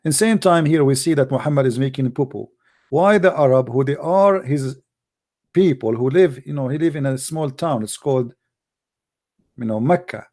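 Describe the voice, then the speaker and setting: A man with an Arabic accent, a native Arabic speaker from the Middle East, hosting a live debate show in a mocking, emphatic and forceful way. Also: medium pitch, moderate pace. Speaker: apologetics show host.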